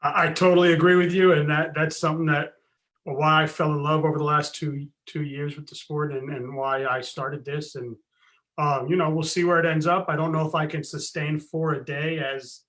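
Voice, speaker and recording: A man hosting a casual podcast interview, friendly and quick to laugh as he asks his questions. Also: on the high side, level tone, fairly bright tone. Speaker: podcast host.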